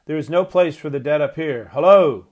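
A man reading the part of an elderly grandfather, calling out forcefully and protesting. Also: medium pitch, brisk, phone-quality sound, close to an everyday voice. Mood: indignant. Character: indignant elderly grandfather, stern and proud.

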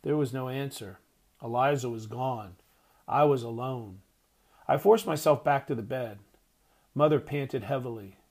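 Husky guy narrating an audiobook in first person, soft and hushed, middle pitch. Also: moderate pace. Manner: hushed, tender reading.

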